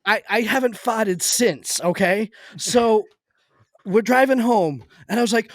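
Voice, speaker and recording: Animated high-voiced storytelling man. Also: moderate pace, no echo, clean studio sound. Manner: animated storyteller, swears and laughs. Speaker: podcast guest, game designer. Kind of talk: casual storytelling chat.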